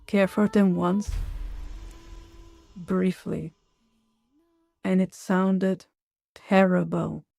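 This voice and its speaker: A woman streaming a video game, giving low-key, wry and exasperated commentary. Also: fairly even intonation, extremely slow, vocal fry, long pauses, warm tone, dry recording, soft background music. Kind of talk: casual live-stream commentary.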